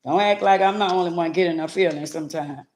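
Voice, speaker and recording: A woman's voice: fairly low pitch, fast, background noise. A middle-aged woman hosting a casual livestream, speaking in a heartfelt, preachy way and talking to viewers by name. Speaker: livestream host.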